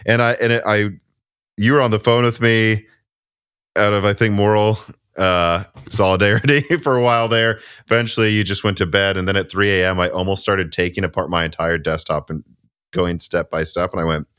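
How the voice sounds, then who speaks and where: A man's voice: fairly low pitch, fairly even intonation, brisk, a bit bright, clear, resonant tone, no echo, clean studio sound. A man hosting a casual tech podcast, chatty and sarcastic, rambling with restarts. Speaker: podcast host.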